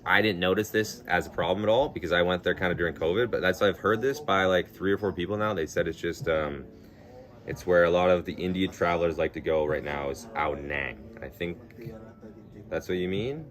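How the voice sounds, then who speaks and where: A man's voice: deep voice, fairly quick. A man live-streaming, chatting casually with viewers in a rambling, laid-back way, swearing freely and laughing through his stories. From Canada. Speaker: livestreamer.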